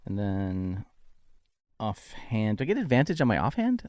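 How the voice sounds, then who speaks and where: A man's voice: fairly low pitch, wildly swooping pitch, normal speed, darkish tone, no room sound, clean studio sound. A man playing in a tabletop game, thinking aloud as he takes his turn. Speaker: player. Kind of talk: casual tabletop play.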